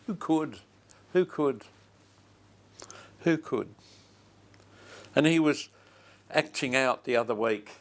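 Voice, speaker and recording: An older man, preaching a sermon as a pastor and telling a story slowly and with feeling, repeating his phrases. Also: mid-range voice, a bit bright.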